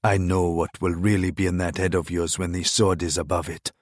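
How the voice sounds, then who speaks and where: A man voicing a menacing, mocking crown prince in an audiobook thriller, speaking in a low, scornful, taunting tone. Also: flat delivery, fairly quick, dry recording, clean studio sound. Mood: contemptuous.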